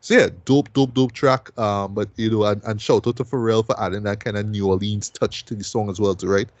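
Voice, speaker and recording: Man, low voice, casual album review host, chatty, dry close sound. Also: steady tone, a little fast, a little mellow, no echo, dull audio. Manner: loose and chatty, tags "right?" onto most sentences. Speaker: host of a music review show.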